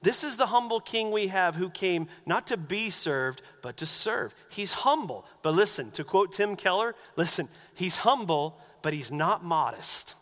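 High bright-voiced man preaching a sermon. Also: measured pace, hardly any pauses, long reverb tail. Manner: animated, acts out quoted voices. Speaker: pastor.

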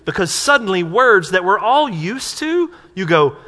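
A pastor preaching to his congregation in a loose, conversational way, tossing them questions. His voice sits high and sounds bright and forceful. It rings out with the long reverb of a church hall. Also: very animated, measured pace. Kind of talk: sermon. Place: church sanctuary.

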